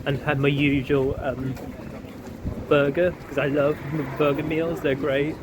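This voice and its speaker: Upbeat male travel vlogger, rambling with fillers, mid-high voice, recorded outside with clear traffic noise. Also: little pitch movement, a little slow. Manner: rambling, upbeat, many ums. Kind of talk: casual travel vlog. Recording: street traffic noise behind.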